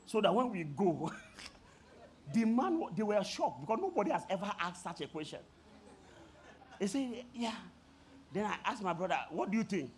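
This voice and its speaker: A man preaching a sermon, telling a story with laughter and sudden shouted peaks. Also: high-pitched, big pitch swings, normal speed, pauses often, a little hiss or hum. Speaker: pastor.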